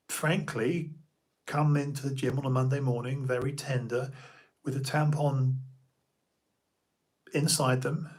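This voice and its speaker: A middle-aged man, a personal trainer giving an opinionated, rambling monologue full of restarts and asides on his own show. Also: on the high side. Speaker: podcast host and personal trainer.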